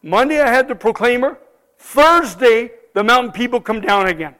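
Guy with a really high voice telling a church his mission story, excited, keeps cueing the slides. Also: normal speed. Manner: animated, exclaims often, cues slides aloud. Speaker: visiting missionary speaker. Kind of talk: testimony storytelling to a congregation.

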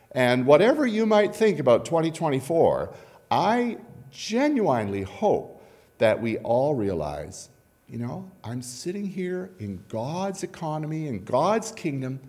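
A man preaches a sermon in a conversational way, his pitch leaping high and dropping low all through. The voice rings out with a long reverb off the church walls. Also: a little mellow. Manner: conversational, asks "right?" and "okay?" often. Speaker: pastor.

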